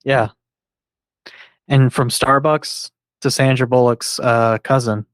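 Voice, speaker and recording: A man co-hosting a casual podcast, telling stories in a relaxed, easygoing way. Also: medium pitch, slow pace, clear, resonant tone, no room sound. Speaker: podcast co-host.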